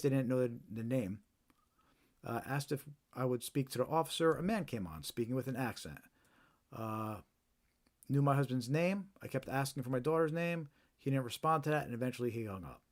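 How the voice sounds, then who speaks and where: A man hosting a live stream, reading viewer reports aloud in an informal way, with fillers and restarts. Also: mid-range voice. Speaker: host.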